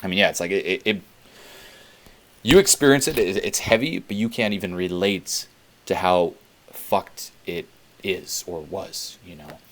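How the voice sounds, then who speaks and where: Deep-voiced man in a rambling self-help vlog. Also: measured pace, a bit bright, a little hiss or hum. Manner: rambling, heavy on fillers and swearing. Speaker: self-help video host.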